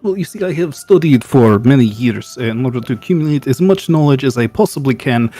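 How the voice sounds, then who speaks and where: A man voicing an eccentric male healer who trusts science, speaking in a put-on Russian accent and pausing to hunt for words. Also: mid-range voice, animated, dark tone, soft background music, close to an everyday voice. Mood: earnest, pedantic. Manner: halting, searching for words.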